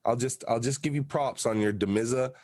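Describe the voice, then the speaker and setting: A man's voice: mid-range voice, brisk, darkish tone, no echo. A man hosting a podcast in casual chat, emphatic and swearing freely. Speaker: podcast host.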